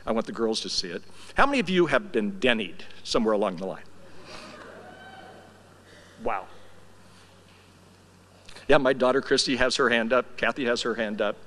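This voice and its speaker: A man's voice: mid-range voice, animated, moderate pace, pauses often. Older man, eulogy speaker, wry storyteller, reverberant church hall. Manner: storytelling, wry and affectionate, drops soft when emotional. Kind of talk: memorial tribute speech. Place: church sanctuary.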